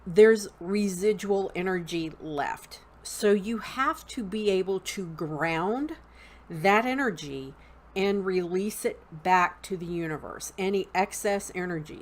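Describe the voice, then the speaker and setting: A woman with a Southern US accent, teaching an online class in an unhurried, halting way with frequent ums. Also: medium pitch. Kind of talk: unscripted spoken lesson.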